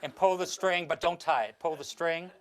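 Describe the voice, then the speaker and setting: A man on stage works a live audience through a mentalism routine, his voice sitting a little high. He talks in a showy, instructing way, often restarting his sentences mid-thought. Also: normal speed. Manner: theatrical, gives instructions, stumbles and restarts.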